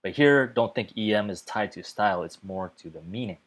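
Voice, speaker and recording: Guy with a low voice doing a chill coding tutorial, says okay a lot. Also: fairly quick. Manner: chatty, fills gaps with okay and uh. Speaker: web development tutor. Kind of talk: casual explainer lesson.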